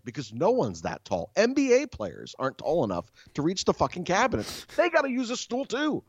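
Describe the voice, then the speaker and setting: A man casually telling a story as a podcast host, animated and exasperated, swearing often. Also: mid-range voice, brisk, breathy edge, dry recording, highs cut off.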